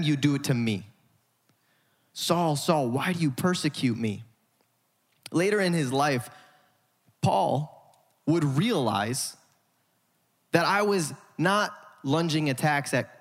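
Preaching man in a reverberant hall. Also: fairly high pitch. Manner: emphatic preaching with dramatic pauses. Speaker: pastor. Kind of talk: sermon.

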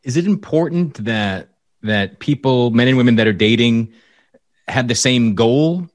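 A male podcast host puts questions to his guest. His voice sits at a middle pitch, and he stops and restarts his phrasing as he works out what to ask. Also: animated. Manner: halting, restarts mid-question. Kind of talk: interview questions.

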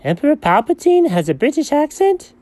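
A man playing a scatterbrained, excitable male buddy in comedy banter, jumping between low mumbles and sudden high yelps. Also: brisk. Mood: goofy. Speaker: co-host.

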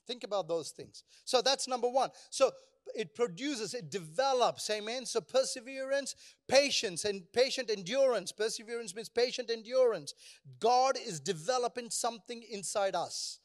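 High-voiced preaching pastor, man. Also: lively intonation, normal speed. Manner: preaching with rhetorical questions and call-and-response. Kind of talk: sermon.

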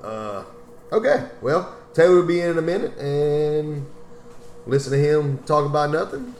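A man hosts a loose sports podcast, joking and swearing as he ribs his friends. His pitch swings widely as he talks. The recording sounds roomy, with a faint hiss underneath. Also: lively intonation, moderate pace, a little mellow. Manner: laid-back, swears freely, teasing. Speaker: podcast host. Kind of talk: casual sports chat.

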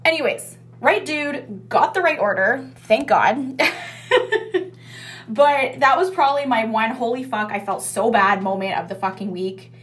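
A woman's voice: medium pitch, fairly bright tone. A young woman telling a casual story about her restaurant takeout job. She swears freely and says "like" a lot. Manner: chatty, swears freely, heavy use of "like".

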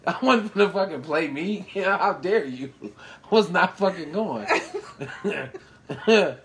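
A young man cohosting a casual comedic chat, ranting loudly with lots of profanity and laughter. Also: high-pitched, expressive, slow pace. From United States. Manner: loud, profane, laughing rants. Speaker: podcast co-host.

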